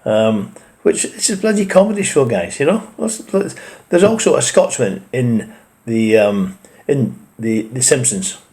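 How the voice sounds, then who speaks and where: Blunt Scottish man, mid-pitched. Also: lively intonation, a little slow, darkish tone. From Scotland. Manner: blunt and opinionated, with mild swearing. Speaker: reaction video host. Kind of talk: casual commentary.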